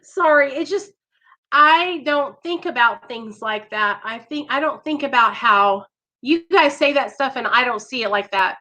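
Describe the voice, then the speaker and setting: A woman with a high, bright voice hosts a live stream. She talks to her viewers in an earnest, emotional way. Her voice has a clear, tense edge. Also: lively intonation, unhurried. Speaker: live show host in recovery.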